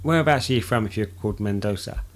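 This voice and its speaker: A man co-hosting a comedy podcast who keeps interjecting with quick reactions, jokes and swearing in casual chat. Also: fairly low pitch. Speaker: podcast co-host.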